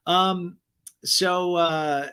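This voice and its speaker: A man's voice: high-pitched, fairly even intonation, drawn-out words, bright, forceful tone, clean tone. A man hosting a podcast, giving a rambling, joking recap of a TV episode. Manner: rambling, joking, full of asides. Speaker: podcast host. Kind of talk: comic TV recap.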